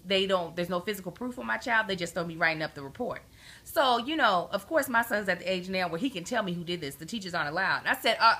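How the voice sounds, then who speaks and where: Indignant mother with a bright voice. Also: medium pitch. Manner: animated, emphatic, acts out quoted voices; indignant, exasperated. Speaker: parenting vlogger. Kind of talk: casual storytelling rant to camera.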